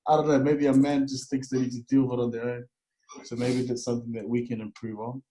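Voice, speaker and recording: A man's voice: medium pitch, level tone, quick pace, dark tone, a little hiss or hum, poor audio. A man hosting a casual chat, encouraging his guest and laughing easily. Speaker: host.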